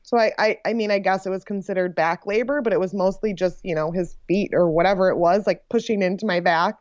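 A young woman telling her birth story in a casual, animated way, full of "like" and laughs. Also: medium pitch, fairly quick, no room sound, dull audio. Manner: animated, frequent "like" fillers and laughs. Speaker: podcast guest sharing her birth story.

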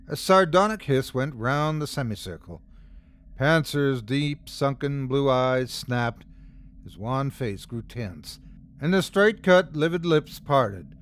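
A male host narrates a pulp horror tale in a measured, dramatic reading. He speaks slowly and keeps his pitch in an ordinary middle range. The delivery is scripted storytelling. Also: very animated, a little hiss or hum.

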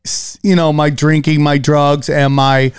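A man co-hosting a comedy podcast as a comedian, teasing and provoking his co-host with deadpan jokes. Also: fairly high pitch, measured pace. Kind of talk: casual comedic podcast banter.

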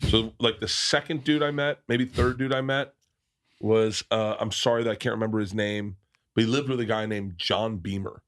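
A man's voice: lowish voice, steady tone, normal speed, a bit bright. A man from the American South who hosts a podcast and tells rambling, profane stories in casual chat, often restarting his sentences. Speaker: podcast host.

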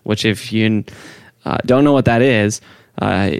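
A man's voice: fairly low pitch, measured pace, clean tone, no echo. A man co-hosting a casual educational podcast, hyper and giggly, rambling through his explanation with plenty of ums. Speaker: podcast co-host explaining history.

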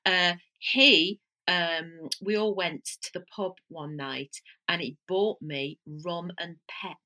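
A middle-aged woman, co-hosting a podcast and telling stories in a chatty, animated way. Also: on the low side, slow. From Northwest England. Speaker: podcast co-host. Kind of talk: casual chat.

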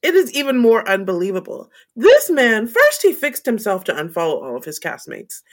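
Exasperated woman co-host, lively voice. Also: fairly high pitch, moderate pace. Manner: laughing, exasperated commentary. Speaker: podcast co-host. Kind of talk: casual recap chat.

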